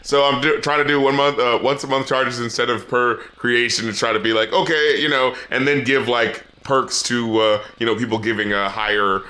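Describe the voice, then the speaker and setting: A man co-hosting a podcast, reviewing an album in casual chat, animated, laughing often and swearing freely. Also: mid-range voice, normal speed, few pauses. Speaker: podcast co-host.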